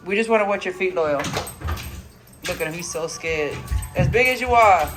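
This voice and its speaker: A woman dog vlogger chatting casually, coaxing her dog in a soft voice and telling the story in lively slang. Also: lowish voice, normal speed, music in the background. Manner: animated, swearing slang. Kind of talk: casual vlog chat.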